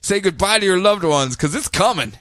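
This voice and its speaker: A man voicing a menacing male cosmic overlord who makes slow, booming pronouncements. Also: expressive, a bit bright, no echo, studio quality.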